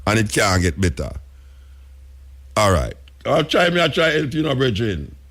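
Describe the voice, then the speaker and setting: A Jamaican radio talk show host arguing with a caller and scolding him. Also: male voice, on the low side, big pitch swings, normal speed, fairly bright tone. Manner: exasperated, scolding, interrupting. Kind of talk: call-in radio chat.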